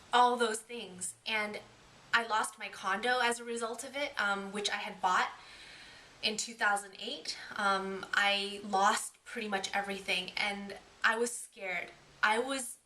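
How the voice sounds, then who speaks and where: A woman's voice: a little high, pushed and bright. A young adult woman sharing her personal faith testimony in a heartfelt, earnest way, often restarting her sentences. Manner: earnest and emotional, with frequent restarts.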